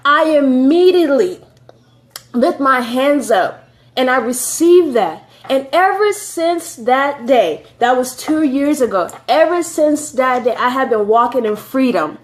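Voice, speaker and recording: A woman's voice: sits high, lively intonation, unhurried. A woman telling her personal faith testimony in an earnest, emotional way, often repeating phrases for emphasis.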